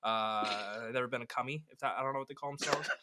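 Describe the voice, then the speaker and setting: A man's voice: mid-range voice, fast, heavy background noise. A man in his twenties co-hosting a casual sports podcast, rambling and cursing, often breaking off mid-sentence. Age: 20s. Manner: rambling, profane, self-interrupting. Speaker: podcast co-host.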